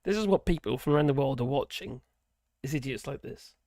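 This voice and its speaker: A man's voice: mid-range voice, lively intonation, fairly quick, a little mellow, dry recording, studio quality. A man hosting a casual livestream, rambling and sardonic, with wry laughs. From England. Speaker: livestream host.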